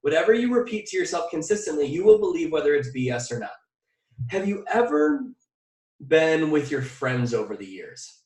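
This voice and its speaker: Energetic male coach in an echoey room. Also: a little high, normal speed. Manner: energetic, asks the audience direct questions; drills phrases by repetition. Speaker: mindset coach. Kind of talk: motivational workshop talk. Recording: echoey room, distant mic.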